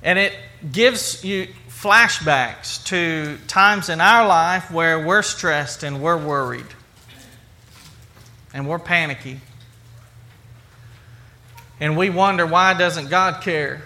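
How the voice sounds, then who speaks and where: Bright, high-voiced male preacher. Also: slow, pauses often. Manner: conversational, repetitive, rhetorical questions. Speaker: pastor. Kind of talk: sermon.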